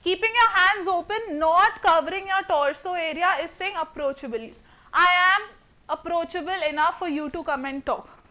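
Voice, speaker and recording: A communication trainer with an Indian English accent and a very high voice teaches a workshop at a moderate pace in a classroom full of students. Her lecture is lively and theatrical, and she puts questions to the class.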